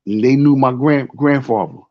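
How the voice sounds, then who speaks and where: A man's voice: mid-range voice, moderate pace, lo-fi sound. A man with a New York accent telling a rambling story in casual talk, often repeating "you know what I'm saying.". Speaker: show host.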